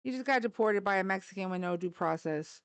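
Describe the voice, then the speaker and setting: Speaking fast in a smooth, medium-pitched voice, a woman hosts a casual political live stream on her phone. She's indoors in a hot room, talking bluntly, mocking viewers, and swearing plenty.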